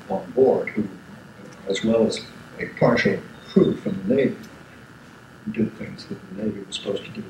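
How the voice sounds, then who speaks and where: An older man giving an informal lecture, telling wartime stories in a rambling way with restarts and asides. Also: fairly low pitch. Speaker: guest lecturer. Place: lecture room. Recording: echoey hall, background noise.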